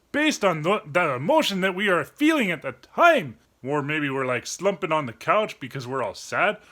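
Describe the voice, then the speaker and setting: A playful young cartoon dog, as a man voices him, hosting a kids' lesson with a very high, bright voice. He swings his pitch all over and bursts into barks and yelps to act out feelings. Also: heavily acted. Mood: earnest explaining. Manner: playful, acts out each emotion with sudden cries. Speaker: children's show host. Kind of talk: kids' educational explainer.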